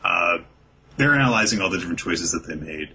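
A man's voice: sits low, fast talker, gravelly, slightly rough, poor audio. A man hosting a casual chat, recapping a comic's plot in an easygoing way and acting out characters' lines. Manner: animated, acts out characters' lines with laughs. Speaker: podcast host recapping a manga.

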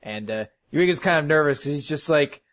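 A man's voice: on the high side, animated, fairly quick, fairly bright tone. A man casually recapping a story, laughing often and acting out the characters' lines. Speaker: podcast host recapping an anime.

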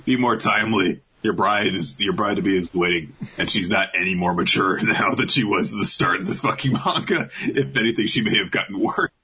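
A man's voice: deep voice, a little fast, few pauses, sharp tone, slightly rough, poor audio. A man casually recapping an anime episode with a co-host, joking, swearing and laughing often. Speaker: podcast co-host. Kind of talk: casual comedic recap chat.

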